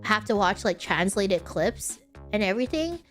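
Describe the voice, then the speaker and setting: A woman's voice: mid-range voice, big pitch swings, normal speed, fairly bright tone, soft background music. A woman streamer in casual chat who rambles, giggles and keeps correcting herself mid-sentence.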